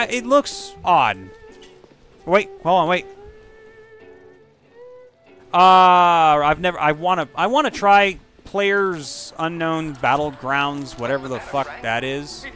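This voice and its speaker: A man giving casual, rambling commentary while playing a video game, swearing freely and breaking into excited outbursts. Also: a little high. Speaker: gameplay streamer.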